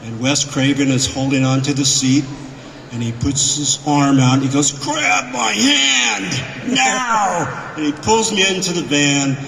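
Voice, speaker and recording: A man guesting on a convention panel, telling animated anecdotes to a live audience and acting out the voices in his quotes. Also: mid-range voice, moderate pace, a crowd in the background. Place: convention hall. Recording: echoey hall, miked from afar.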